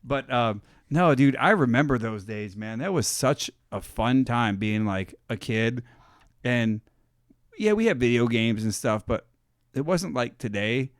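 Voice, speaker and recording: A man's voice: medium pitch, animated, measured pace, no echo, clean studio sound. A young adult man co-hosting a podcast, telling loose, rambling stories full of "like" and "dude". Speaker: podcast co-host. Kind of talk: casual chat.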